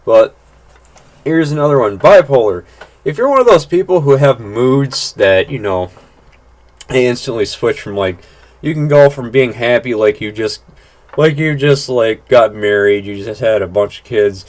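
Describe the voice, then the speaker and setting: A man's voice: medium pitch, lively intonation, normal speed. A man talking through casual gameplay commentary, rambling and blunt, with lots of "like" and restarts and some casual swearing. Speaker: gaming channel host.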